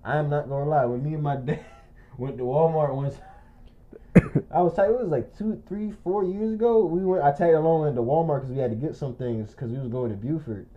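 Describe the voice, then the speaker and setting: A man's voice: fairly high pitch, a little fast. A young man telling a long, rambling story in casual chat, often breaking into laughter. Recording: muffled lo-fi recording.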